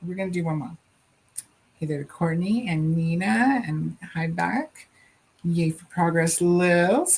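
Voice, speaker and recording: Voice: mid-range voice, measured pace, fairly bright tone, slightly rough. A co-host with a Southern US accent chats casually on a live reading stream, laughing often and reading viewer comments aloud. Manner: giggly and playful, drawling, laughs often.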